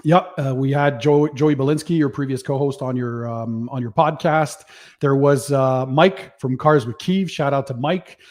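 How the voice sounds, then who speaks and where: Brief: male livestream host, mid pitch, warm, casual shout-out style. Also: moderate pace. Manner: friendly, listing shout-outs, easygoing. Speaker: livestream host, detailing channel owner.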